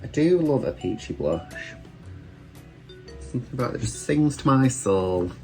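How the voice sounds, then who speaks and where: In a room at home with faint music in the background, a British drag queen does his makeup while chatting in a casual, self-deprecating way. He speaks in a mid-range, expressive voice at a measured pace.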